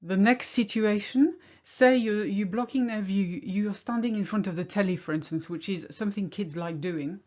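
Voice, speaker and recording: A woman's voice: medium pitch, normal speed, few pauses, a little mellow. A middle-aged woman from France with a French accent, teaching in a chatty, wry way. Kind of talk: casual video lesson. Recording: slightly muffled home recording.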